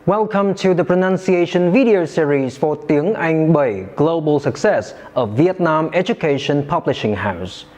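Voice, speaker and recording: A man teaching English pronunciation in a scripted lesson, enunciating slowly and carefully and modelling words for listeners to repeat. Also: a little high, expressive, darkish tone.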